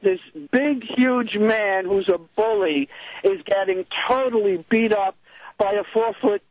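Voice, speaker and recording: Very high-voiced, halting male caller. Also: no room sound, narrow, tinny audio. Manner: hesitant, many fillers and restarts. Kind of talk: casual storytelling.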